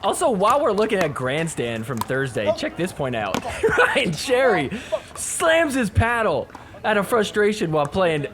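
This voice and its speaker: A man hosting a podcast, giving a casual recap of sports matches, swearing freely and mocking the players in quick put-on voices. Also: sits high, wildly swooping pitch, background noise.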